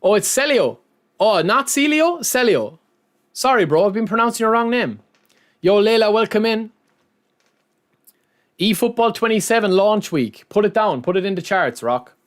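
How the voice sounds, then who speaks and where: A man with a slightly high voice chats casually on his live stream. He keeps calling his viewers lads and man, thanking them as he goes. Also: expressive, normal speed. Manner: chatty, says lads and man often.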